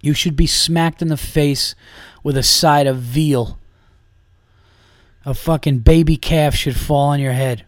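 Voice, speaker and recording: A man's voice: fairly high pitch, steady tone, unhurried, long pauses, no echo, studio quality. A man hosting a comedy podcast, ranting in a heated, profane, emphatic way.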